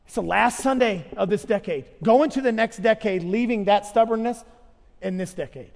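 A fervent male pastor delivers an impassioned, pleading sermon in a high-pitched voice. His words ring out with a long reverb, as if filling a large sanctuary. He drives each point home with urgency. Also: moderate pace, gravelly.

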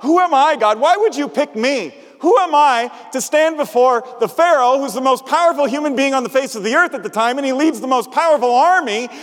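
A preacher acting out a weary eighty-year-old shepherd, pleading and stammering over his own doubts in a high voice. The voice trails off in the long reverb of a large hall. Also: fairly bright tone. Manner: pleading, halting, stammering repeats.

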